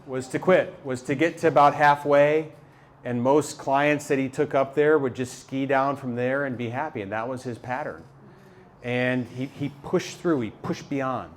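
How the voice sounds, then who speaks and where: Brief: male speaker, mid-pitched, spinning an adventure tale for a live crowd, halting and animated, faint noise behind. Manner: animated, halting storyteller with many repeats and fillers. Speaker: motivational speaker. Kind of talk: live storytelling talk to an audience. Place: talk venue with a live audience.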